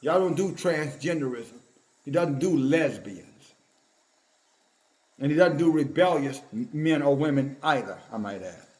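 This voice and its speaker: High-voiced man preaching scoldingly. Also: animated, measured pace, a little mellow. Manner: emphatic and confrontational, reads scripture aloud. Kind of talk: scolding online sermon.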